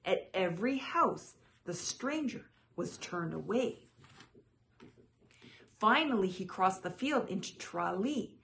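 A woman reads a children's picture book aloud, her pitch in a middle range. She phrases expressively and stretches key words slowly. A faint hiss runs under her voice. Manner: expressive, slow dramatic phrasing. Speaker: storyteller. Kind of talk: children's storybook read-aloud.

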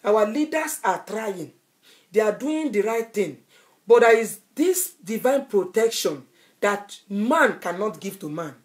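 A woman's voice: mid-range voice, lively intonation, unhurried. Fervent woman evangelist preaching. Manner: fervent preaching, repeating phrases for emphasis. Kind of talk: sermon. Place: Europe.

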